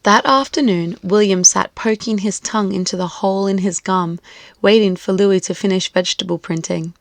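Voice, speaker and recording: A woman reading a children's storybook aloud, clear, expressive and lilting. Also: mid-range voice, normal speed, no room sound.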